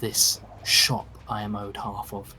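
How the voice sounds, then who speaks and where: A man's voice: fairly low pitch, flat delivery, slow pace, pushed and bright, soft background music, pitched below the performer's own voice, exaggerated voice. A man voicing a weary, scornful swordswoman. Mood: dry scorn. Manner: dry, sighing, contemptuous.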